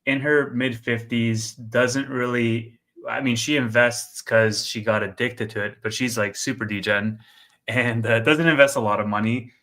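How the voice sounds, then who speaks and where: A young man co-hosting a casual market livestream, his voice bright and forward. He tells stories with animated energy, jumping into quoted dialogue and quick asides. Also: mid-range voice. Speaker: co-host of a stock market stream.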